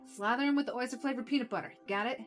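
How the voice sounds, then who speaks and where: Woman doing a loud, rude, hyper little male director in a game, barking orders. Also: fairly high pitch, very fast, soft background music, pitched above the performer's own voice, close to an everyday voice. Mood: brash. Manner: brash, shouty, condescending. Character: small energetic rude male film director.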